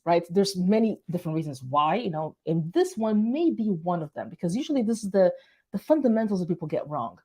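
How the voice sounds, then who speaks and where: A woman's voice: lowish voice, animated, fairly quick, dark tone, breathy edge. A woman from Portugal hosting her weekly live business-tips show, talking casually with fillers and restarts. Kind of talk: casual live-stream talk.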